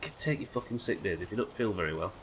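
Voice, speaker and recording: A man's voice: low-pitched, expressive, fast talker, a little hiss or hum. A man with a Yorkshire accent chatting casually and swearing freely while streaming a game. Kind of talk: casual live-stream chat while gaming.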